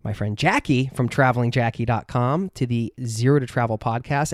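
A man's voice: mid-range voice, a little fast, no room sound, studio quality. Earnest man hosting a podcast. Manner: earnest, rambling with many fillers. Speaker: podcast host. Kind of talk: heartfelt podcast intro and interview.

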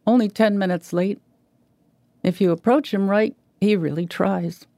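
A wry, bookish father speaks with dry irony in a mellow, gravelly tone, read by a woman. The voice is close and dry. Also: medium pitch, unhurried, no echo, natural voice.

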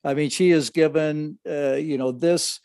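An older man co-hosting a casual chat, talking in halting bursts full of restarts and fillers, reminiscing with his son. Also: on the high side, fairly even intonation, darkish tone, no room sound, clean studio sound. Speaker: podcast co-host, father of the other host.

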